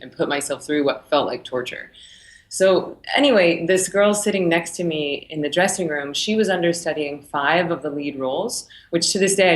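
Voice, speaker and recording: A woman in her thirties, a meditation teacher telling her story in a casual interview, animated and laughing between phrases. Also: low-pitched, roomy sound. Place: her studio.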